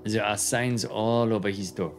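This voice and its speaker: A man voicing a chatty, helpful male robot in a game, with a put-on French accent and a halting way of speaking. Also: lowish voice, steady tone, soft background music, natural voice. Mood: friendly. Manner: hesitant, halting with filler sounds.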